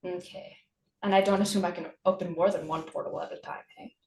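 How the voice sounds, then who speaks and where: A woman playing a tabletop role-playing game, asking quick, eager questions. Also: on the low side, fairly even intonation, darkish tone, roomy sound. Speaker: player. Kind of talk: tabletop role-play chat.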